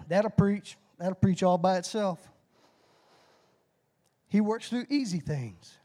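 Middle-aged lay preacher with a high, light voice. Folksy and fired up, calls for responses and whoops. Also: male voice, slow, long pauses. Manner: excitable, bursts into shouted whoops; folksy, self-deprecating about his nerves. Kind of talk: short timed sermon with call-and-response.

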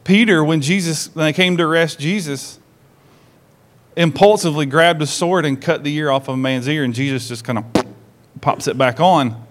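A male pastor with a slightly high voice, preaching a sermon to his congregation. He tells the story with energy, acting out the lines he quotes and putting direct questions to the people in the pews. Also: moderate pace. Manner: animated storyteller who acts out quoted lines.

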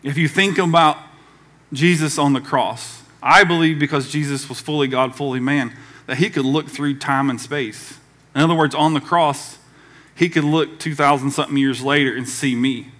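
A man's voice: on the high side, steady tone, moderate pace, fairly bright tone. A man from the American South preaching a conversational sermon as pastor, acting out quoted voices along the way.

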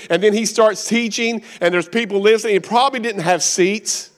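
A man's voice: high-pitched, clear, resonant tone. A middle-aged man with a Kentucky accent, preaching a sermon as a guest speaker in a folksy, joking storytelling manner.

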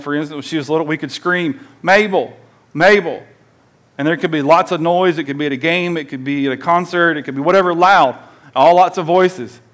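Lively conversational male pastor preaching. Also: fairly high pitch. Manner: animated, conversational preaching with call-and-response. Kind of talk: sermon.

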